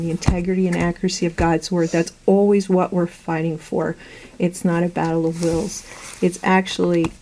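A middle-aged woman preaching to a group in a meeting room, earnest and conversational, with lively anecdotes. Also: on the low side, slight background noise, low-quality recording. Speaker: Bible teacher. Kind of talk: sermon to a women's group.

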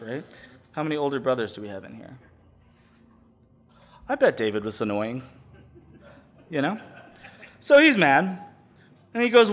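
A bright, ringing male voice preaches to a room full of listeners. He moves between reading old scripture and quick, casual paraphrase, and he often pauses so the audience can call out the missing word. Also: medium pitch. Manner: animated, conversational, asks the audience to fill in words. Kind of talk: sermon reading and explaining scripture.

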